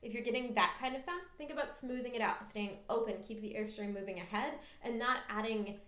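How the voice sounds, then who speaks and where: A woman's voice: a little high, brisk, echoey room, over music. Patient woman coaching flute practice. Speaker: flute teacher. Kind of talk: instructional music lesson.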